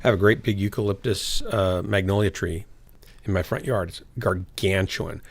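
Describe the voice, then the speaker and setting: Man, rambling casual chat, lowish voice, fillers and restarts. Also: normal speed, gravelly, slightly rough. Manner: rambling storyteller with frequent fillers. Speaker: streamer. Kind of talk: casual chat while gaming.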